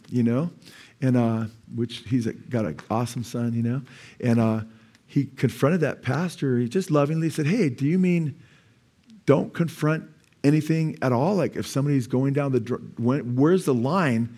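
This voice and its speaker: A male pastor delivers a sermon in a church. He speaks in a conversational way, slipping into quoted asides and punctuating points with "amen." His voice sits at an ordinary middle pitch. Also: a little mellow, breathy edge.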